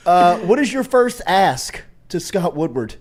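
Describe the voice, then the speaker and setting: A man's voice: high voice, sing-song, unhurried. A man hosting a sports radio interview, asking effusive, admiring questions.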